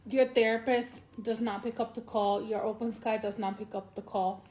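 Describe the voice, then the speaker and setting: A woman talking in a personal vlog monologue, emotional and near tears, halting and repeating herself, her voice jumping up when she is moved. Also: fairly high pitch, steady tone, a little mellow. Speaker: vlogger.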